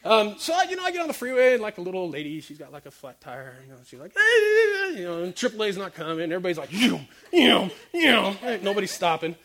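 A man giving a lively comic sermon, quizzing the crowd and acting out little stories. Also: sits high, rapid-fire, hardly any pauses. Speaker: preacher speaking to a youth audience.

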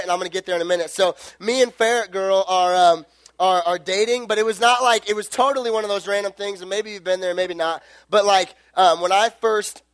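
A man's voice: high-pitched, a bit bright, dry recording. A young man preaching in a casual, rambling storytelling way, full of fillers and self-corrections.

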